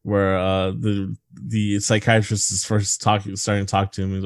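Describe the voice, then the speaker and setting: A man's voice: lowish voice, level tone, a little slow, few pauses, no room sound. A man co-hosting a podcast, chatting casually about a bad movie, crude and jokey, often laughing. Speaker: podcast co-host.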